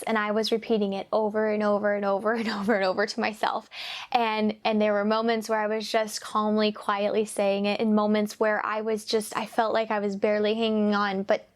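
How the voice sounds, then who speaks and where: A woman's voice: medium pitch, monotone, brisk. A young woman talking casually and earnestly as a parenting vlogger, confiding and repeating phrases for emphasis. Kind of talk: casual personal talk to camera.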